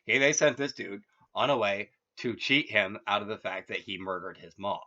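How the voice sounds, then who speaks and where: A man's voice: lowish voice, fairly even intonation, normal speed, sharp tone. A man casually retelling a story, rambling with many fillers and restarts and chuckling at his own jokes. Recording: muffled lo-fi audio.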